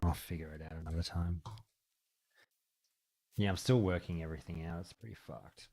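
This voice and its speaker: A man's voice: sits low, fairly even intonation, normal speed, darkish tone, slightly rough, no room sound. A man, chatting casually on a game stream and acting out stories. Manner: chatty, swearing, acts out anecdotes. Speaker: streamer and podcast host. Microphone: desk microphone.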